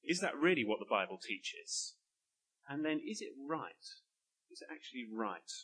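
A male preacher delivers an earnest sermon at a church service, explaining each point with emphasis. His voice is husky yet bright and forceful, and his pitch rises and falls in a lively way. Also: normal speed, low-quality recording.

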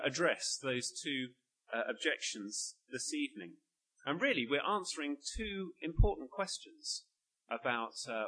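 A man's voice: a little high, sharp tone, husky, poor audio. A man preaching an earnest, emphatic sermon at a church service.

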